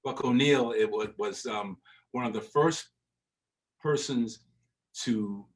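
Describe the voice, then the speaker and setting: A man in his sixties, a former baseball player and manager, speaking animatedly in a casual interview and repeating words when excited. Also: mid-range voice, slow pace, recorded from a distance, low-quality recording.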